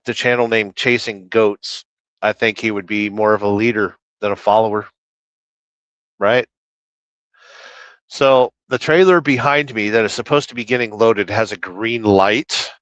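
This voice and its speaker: A man's voice: mid-range voice, normal speed, a bit bright, no room sound, muffled recording. A man livestreaming while trucking, reading chat aloud and rambling through opinions in casual talk.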